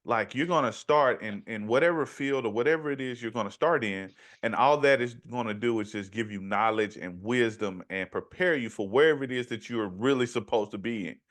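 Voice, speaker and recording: A man's voice: mid-range voice, fairly quick, a bit bright. A man hosting a podcast interview, talking emphatically and casually and often asking "you know what I mean". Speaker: podcast host.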